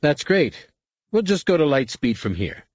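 A man voicing a bitter, sneering male pilot held as a prisoner, in a sarcastic, higher-pitched voice. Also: very animated, moderate pace, no room sound.

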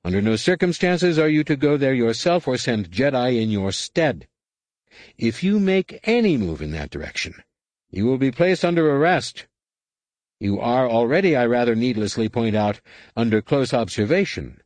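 A man's voice: mid-range voice, big pitch swings, moderate pace, a little mellow, no room sound, lightly acted. A man voicing a scheming male alien politician who speaks in a condescending, clipped and threatening way. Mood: smug, cold.

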